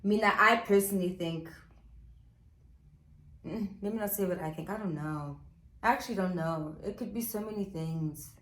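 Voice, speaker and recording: A woman's voice: medium pitch, normal speed, long pauses, a bit bright. A woman vlogger telling a gossip story while doing her makeup at home, chatty with dramatic asides to viewers. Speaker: beauty vlogger. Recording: echoey room.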